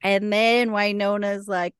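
A woman's voice: medium pitch, flat delivery, a little slow, clean tone, dry recording, studio quality. A woman co-hosting a podcast, eagerly retelling a TV episode in casual chat full of fillers. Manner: enthusiastic, retelling scenes with many fillers. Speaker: podcast co-host.

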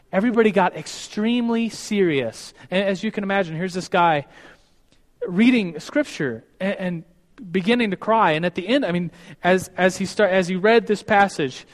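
A man's voice: high-pitched, normal speed, long reverb tail. A man telling a story to a class and leading a prayer, earnest, with many restarts.

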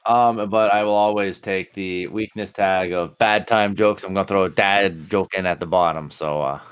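A man's voice: sits low, steady tone, moderate pace, clear, resonant tone. A man playing a tabletop game, jokey and casually swearing. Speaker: player.

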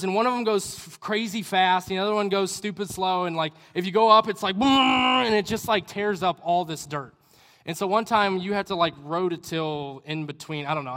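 A man's voice: sits high, a bit bright. A young adult man giving a sermon in a church hall, earnest and conversational, with rambling asides. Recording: reverberant hall.

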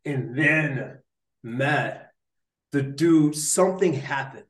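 A man's voice: medium pitch, slow pace. Young guy, neuroscientist, rambling story full of likes and dudes, echoey room. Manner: animated, slangy, lots of likes and dudes. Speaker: neuroscientist guest. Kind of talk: casual storytelling in a podcast interview. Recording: roomy echo.

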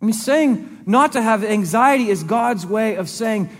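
A man's voice: high voice, expressive, a little slow, few pauses, long reverb tail. A man, a pastor, preaching a sermon in a conversational way, acting out quoted voices as he goes. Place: church sanctuary.

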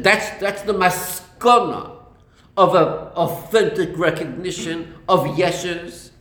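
High-voiced man teaching in an echoey room. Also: a bit bright. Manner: searching for words, repeating himself, full of Yiddish and Hebrew terms. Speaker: teacher of a Chassidic discourse. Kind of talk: text study lecture.

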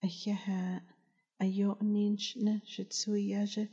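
A woman's voice: medium pitch, level tone, measured pace, dark tone, in a large hall, lightly acted. A woman voicing a tearful Navajo grandmother who gives her grandsons a tender ceremonial greeting. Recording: dull lo-fi recording.

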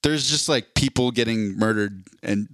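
A man's voice: fairly low pitch, normal speed, a bit bright, no echo, studio quality. A man co-hosting a casual podcast chat, rambling and restarting as he explains things at length. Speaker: podcast co-host.

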